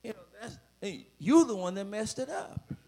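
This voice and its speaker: A man preaching a sermon with dramatic swells, bursts of shouting and playful asides. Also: high-pitched, sing-song, moderate pace, vocal fry.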